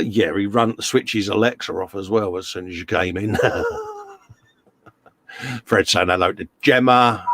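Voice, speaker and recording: A man's voice: fairly low pitch, creaky, fairly bright tone, no room sound. A middle-aged British man hosting a casual live stream from his workshop, chatting and reading out viewers' messages. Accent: British English. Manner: chatty, reads out chat messages. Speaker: host. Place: home workshop.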